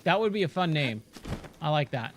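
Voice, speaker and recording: Man, game streamer, casual chatter, lively intonation, slightly high voice. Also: moderate pace, a little hiss or hum. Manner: chatty, reads game text aloud, thinks out loud. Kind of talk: casual let's-play commentary.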